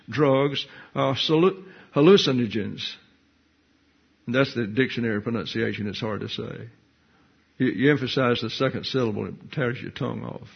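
Older man teaching, husky voice. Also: mid-range voice. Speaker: pastor. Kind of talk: Bible study teaching. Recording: muffled lo-fi recording.

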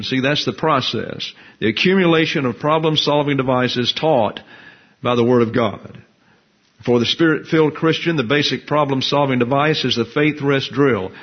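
A man delivers a Bible teaching sermon in a steady, emphatic way. His voice is a little husky and sits at an ordinary pitch. The recording sounds dull and lo-fi. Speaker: pastor.

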